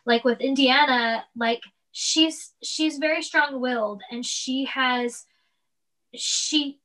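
A woman in her thirties in casual chat as a mother, talking in a rambling, animated way with many restarts. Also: high voice, slow pace. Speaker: guest, mother.

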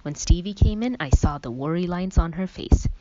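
Female narrator, deep register, wry conversational storybook read, dry muffled recording. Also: lively intonation, normal speed, mellow, no echo. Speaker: audiobook narrator. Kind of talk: first-person storybook narration.

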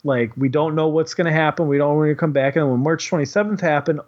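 Talking fast with few pauses, this man has a fairly high voice. He's a kindergarten teacher rambling through a story in casual chat, cursing freely and saying "like" constantly, on a dull lo-fi recording.

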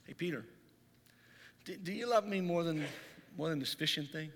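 A man voicing Jesus as a gentle, casual teacher, asking soft questions in a sermon retelling. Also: fairly high pitch, moderate pace, long reverb tail, slight background noise, natural voice.

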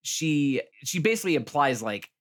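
A man's voice: fairly high pitch, very animated, normal speed. A man co-hosting a podcast, chatting casually about a TV series, rambling with many restarts and acting out lines. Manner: rambling, restarts often, acts out quotes. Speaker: podcast co-host. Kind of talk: casual chat reviewing a TV show.

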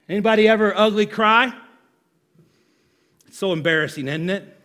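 A male pastor preaching a sermon to his congregation, animated and conversational, asking the room questions. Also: high voice, normal speed, pauses often.

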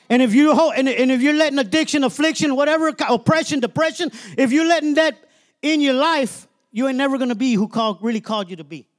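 A man's voice: extremely high pitch, fast talker. A man preaching a sermon as minister, emphatic and colloquial, often calling out "Amen?" to the congregation.

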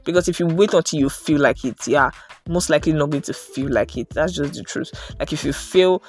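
A woman's voice: low voice, a little fast. Earnest young woman giving a pep talk. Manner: earnest, animated, many fillers like "like" and "right?". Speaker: motivational podcaster. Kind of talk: casual motivational talk.

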